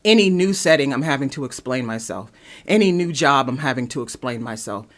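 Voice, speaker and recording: A young woman from East Cleveland, Ohio, hosting a podcast and telling personal stories in an animated, emphatic way. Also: brisk. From East Cleveland, Ohio, USA. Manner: animated storytelling, sharp pitch jumps when emphatic. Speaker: podcast host. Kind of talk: personal commentary monologue.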